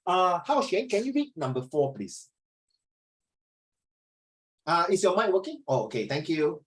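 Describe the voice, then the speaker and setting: This high-pitched middle-aged man, with a Singaporean English accent, leads an online class via video call at a measured pace. His storytelling is animated and conversational, with occasional shifts into Mandarin, though the audio is poor.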